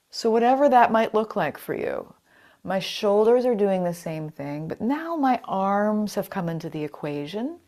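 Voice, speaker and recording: A woman leading a chair yoga class over a video call, calm and encouraging as she cues breaths and movements. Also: mid-range voice. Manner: calm, encouraging, greets participants by name. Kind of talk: guided yoga class instruction.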